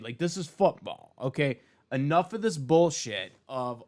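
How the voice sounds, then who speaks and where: A man's voice: mid-range voice, takes it slowly, pauses often. A young man giving a casual, profane opinion rant about sports, with many fillers and restarts. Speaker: sports commentator vlogger.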